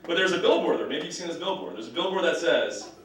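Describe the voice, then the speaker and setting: A man doing a stand-up comedy set on a club stage with a live audience, animated and shouting his punchlines. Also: a little high, quick pace. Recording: echoey club, distant mic, crowd noise. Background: audience laughter.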